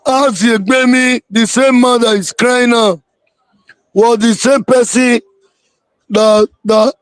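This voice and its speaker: A man's voice: extremely high pitch, steady tone, takes it slowly, smooth, no echo. A man, a political guest calling in to a live interview and speaking emphatically, repeating words for weight.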